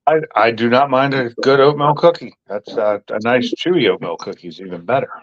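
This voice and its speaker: A man's voice: mid-range voice, fairly quick, no echo. A man chatting casually on a live stream, rambling with restarts and casual swearing. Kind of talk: casual chat. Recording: dull lo-fi audio.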